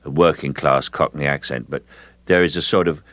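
Older english guy, very deep voice, slow and measured, dry close mic. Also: fairly even intonation, fairly bright tone, no room sound. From England. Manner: measured, slow, repeats words while thinking. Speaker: actor, interview guest. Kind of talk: radio interview.

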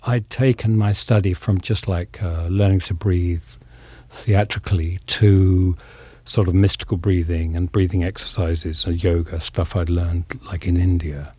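An older English man with a very deep, husky, dark voice, reflecting thoughtfully in an interview. He pauses often and fills gaps with ums. The studio sound is close and dry. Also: steady tone, no echo. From England. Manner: thoughtful, pausing, many fillers. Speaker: actor, interview guest.

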